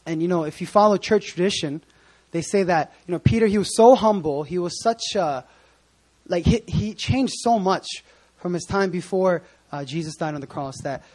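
A man's voice: high voice, a little mellow. A man preaching a casual sermon, chatty and joking with many asides. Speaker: pastor.

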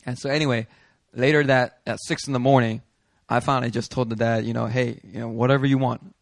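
A man preaching a sermon as a pastor, telling a story in an animated way, acting out the people he quotes and laughing as he goes. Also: medium pitch, brisk, creaky, dry recording. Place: church hall.

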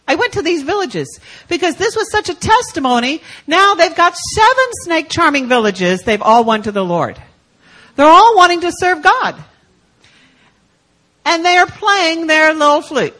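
A woman gives a sermon at a church service and tells it as a lively story. She lifts her voice high and loud for the exciting moments, then drops to a hush for the tender ones. She acts out the voices of the people in her story. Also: moderate pace, poor audio. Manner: animated, acts out quoted voices, swings from loud to hushed. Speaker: guest speaker.

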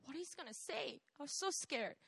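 A young woman, telling a personal testimony in an animated way, laughing often and checking in with "right?". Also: sits high, normal speed, gravelly, dry recording. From South Korea. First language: Korean. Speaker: speaker sharing a testimony.

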